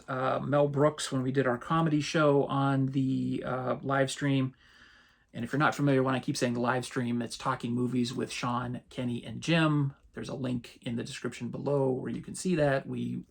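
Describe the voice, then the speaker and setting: A man, casually running through his latest movie purchases as a channel host, relaxed and rambling. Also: mid-range voice, gravelly, husky. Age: 50s. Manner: relaxed, rambling, chuckles often. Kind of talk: casual haul rundown.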